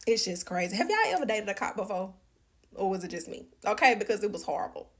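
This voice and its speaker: A woman telling a personal story to her viewers in an animated, chatty way. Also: medium pitch, moderate pace, noisy background. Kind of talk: casual storytime vlog.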